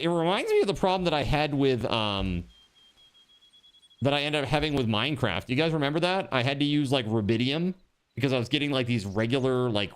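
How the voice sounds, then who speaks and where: A man streaming a game live, chatting casually with his viewers and thinking out loud. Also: mid-range voice, clean tone. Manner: chatty, talks to chat, trails off and restarts. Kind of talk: casual live-stream chat while gaming.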